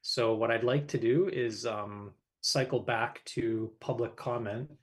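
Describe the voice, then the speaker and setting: A man's voice: mid-range voice, fairly even intonation, measured pace. Man chairing a meeting, loose and casual. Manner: casual, many filler ums. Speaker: board chair.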